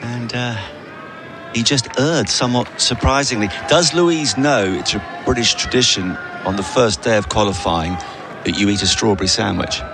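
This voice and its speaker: A man giving tennis analysis as co-commentator on a headset, dry and wry, with halting restarts. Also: mid-range voice, background noise. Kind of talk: live sports commentary.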